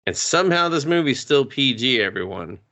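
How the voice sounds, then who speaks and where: A man co-hosting a podcast, casually retelling a movie with swearing and quick put-on voices. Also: medium pitch, very animated, pushed and bright. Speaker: podcast co-host. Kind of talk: casual movie review chat.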